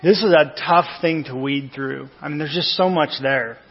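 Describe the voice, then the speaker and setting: A man's voice: fairly high pitch, moderate pace, slightly rough. Man preaching in an echoey church. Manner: conversational and rambling, with self-corrections and asides. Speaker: lay preacher. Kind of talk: informal sermon. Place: church sanctuary. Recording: echoey church hall, dull lo-fi sound.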